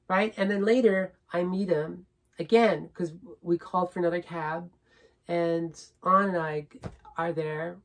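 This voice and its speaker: Low-voiced woman telling a rambling story. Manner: rambling and repetitive, tags sentences with "right?"; indignant, building emphasis. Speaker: vlogger. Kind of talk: personal storytelling.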